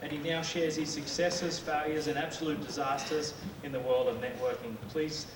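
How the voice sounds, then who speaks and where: Guy introducing a speaker, reads it out, slightly high voice, echoey far mic. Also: little pitch movement, normal speed, background noise. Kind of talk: formal introduction.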